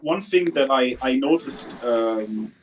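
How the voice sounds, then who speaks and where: A man chatting casually as a guest on a stream, speaking in halting, hesitant bursts with many restarts. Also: mid-range voice, expressive, background noise. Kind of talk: casual chat.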